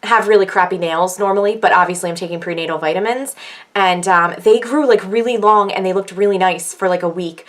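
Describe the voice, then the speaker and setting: A young pregnant woman chatting casually in a vlog, rambling with many fillers. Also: brisk. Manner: rambling, with frequent fillers and laughs; acts out quoted people in a higher voice. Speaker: vlogger. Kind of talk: casual chat.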